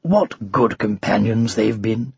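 A man voicing a kindly, jovial knight in a storybook reading, a bit deeper than his narration. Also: animated, takes it slowly, creaky, breathy edge, no echo, muffled recording, exaggerated voice. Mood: fond.

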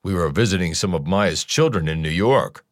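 Man doing a jittery rich husband, deep voice that jumps up when he panics, dry close sound. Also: animated, moderate pace, no room sound. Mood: subdued. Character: anxious wealthy middle-aged husband. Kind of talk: audiobook character voice.

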